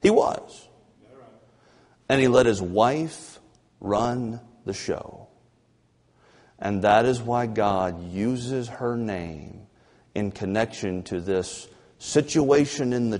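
A man preaching a fervent sermon as pastor, swinging between loud emphasis and low, drawn-out passages. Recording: long church reverb.

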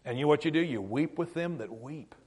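A middle-aged man, preaching a sermon as a pastor, telling a story earnestly with halting repeats and hushed moments. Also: fairly high pitch, animated, husky.

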